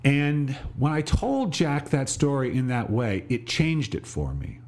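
A middle-aged man and podcast host telling a reflective personal story, slowing on details and restarting phrases. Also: medium pitch, sing-song, a little mellow. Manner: reflective, pauses and restarts, slows on vivid details.

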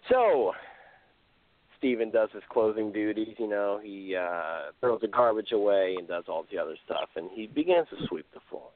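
A man's voice: lowish voice, animated, moderate pace, no room sound. A man casually telling a spooky story on a podcast, rambling and correcting himself as he goes. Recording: tinny phone-like sound.

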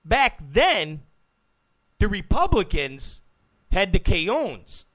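A man's voice: high voice, sing-song, slow, fairly bright tone. A man hosting a political talk show, giving an opinionated monologue, emphatic, repeating phrases and stammering on restarts.

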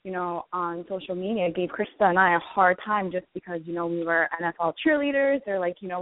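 A woman's voice: fairly low pitch, a little fast, few pauses, dry recording. A woman from northern New Jersey, a guest on a call-in interview, easygoing and agreeable. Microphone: phone. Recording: tinny phone line.

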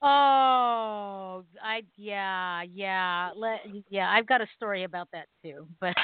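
A woman's voice: mid-range voice, very slow, clear, resonant tone. Woman storytelling over a phone line. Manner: animated storytelling, acts out quoted voices. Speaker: radio show co-host. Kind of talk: casual storytelling on talk radio. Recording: dry phone-line audio.

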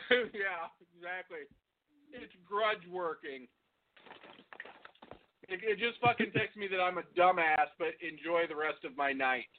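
A middle-aged man co-hosts a casual podcast chat over the phone, his voice sitting high as he speaks a little slowly with frequent pauses. He laughs often and swears freely, loose and profane, on a tinny line.

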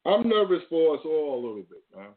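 Hosting his own show, a man rants casually to camera in loose slang with plenty of swearing. His fairly high voice is sing-song and quick, and the audio sounds tinny, like a phone.

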